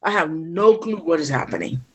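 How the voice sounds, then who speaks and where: Woman from ghana telling a story as a guest on a podcast, kinda low voice, acts out everyone's lines. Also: normal speed, husky. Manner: animated storyteller who acts out quoted voices.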